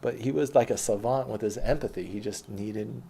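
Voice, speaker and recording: A man's voice: on the low side, moderate pace, creaky, warm tone, slight background noise. A man telling a rambling, profane, streetwise story from his own life in casual speech.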